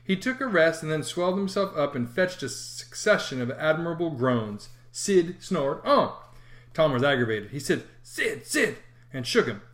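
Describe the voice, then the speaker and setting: Animated audiobook narrator for a classic children's tale. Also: mid-range voice, moderate pace. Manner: expressive storytelling, lively inflection. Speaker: audiobook reader. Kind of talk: scripted narration of a classic novel.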